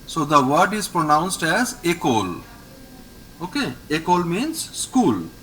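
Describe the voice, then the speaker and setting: A male French teacher with an Indian English accent, patiently repeating each word slowly for a student in an online class. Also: on the high side, very animated, bright, forceful tone, slight background noise, low-quality recording. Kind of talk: online language lesson. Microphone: video call.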